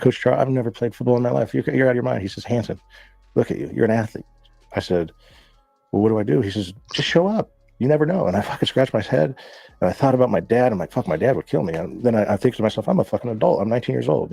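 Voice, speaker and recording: A man telling profane, animated stories in a casual chat, laughing as he goes. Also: mid-range voice, rapid-fire, gravelly, slightly rough, no echo, soft background music. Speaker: guest. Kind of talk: casual storytelling.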